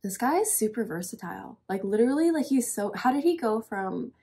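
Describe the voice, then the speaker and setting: A woman's voice: a little high, big pitch swings, fairly quick, dark tone, husky. A young woman hosting a casual reaction video, talking in an emotional, rambling way with lots of "um" and "literally".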